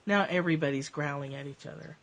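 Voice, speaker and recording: A woman's voice: sits low, quick pace, highs cut off. A woman hosting a casual livestream from home, reading spiritual passages and chatting, laughing often as her cats interrupt. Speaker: live-stream host. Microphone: phone or webcam livestream.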